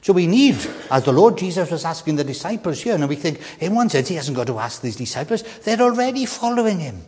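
An older man preaching a sermon with an animated delivery, often repeating words and slowing down to stress key questions. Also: a little high, in a large hall.

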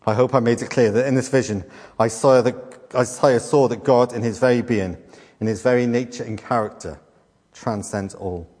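A middle-aged man preaching a sermon as a pastor. He teaches with rhetorical questions and deliberate repetition. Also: medium pitch, fairly even intonation, darkish tone. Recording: long hall reverb.

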